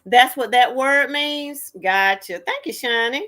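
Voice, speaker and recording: A chatty woman hosts a relaxed live stream. Her voice sits a bit high, and she greets viewers one by one in a loose, homey way. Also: unhurried. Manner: chatty, greets viewers by name, Southern US phrasing. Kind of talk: casual live stream chat.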